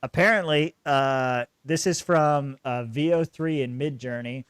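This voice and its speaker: A man's voice: mid-range voice, unhurried, clean tone, no room sound. A man hosting a podcast in easygoing casual chat, laughing often. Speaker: podcast host.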